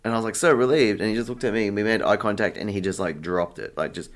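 A man's voice: fairly low pitch, fast talker. A young man being interviewed, chatting casually and acting out the exchanges in his story, with lots of fillers. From Australia. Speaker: interview guest, artist.

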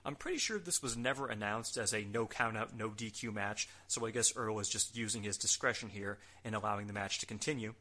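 Bright-voiced man recapping wryly. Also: on the low side, fairly quick, few pauses. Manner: wry, joking asides with casual swearing. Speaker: podcast host. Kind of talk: casual recap narration of a wrestling show.

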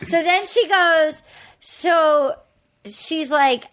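A woman's voice: high-pitched, takes it slowly, a bit bright. A woman in casual chat, animatedly retelling a reality-show scene and acting out the quoted lines.

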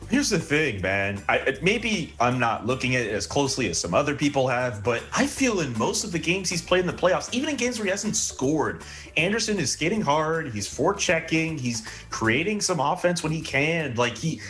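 A man on a sports panel lays out a measured, reasoned case, his pitch moving up and down with plenty of life. Faint music sits behind him. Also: very animated, a bit bright. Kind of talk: casual panel chat.

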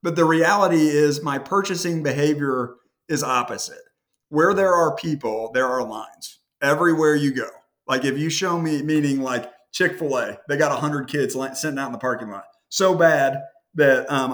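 A Midwestern American man hosts a podcast and tells a long anecdote, rambling and interrupting himself in a casual, conversational way. His voice is a little high and fairly bright, at a moderate pace.

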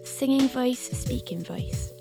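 A woman hosting a documentary podcast, narrating from a script and asking interview questions in a clear, measured way. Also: high-pitched, over music.

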